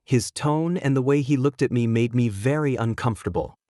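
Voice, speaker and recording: A man's voice: medium pitch, brisk, mellow, no echo. Man narrating a story, dry close sound. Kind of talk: first-person story narration.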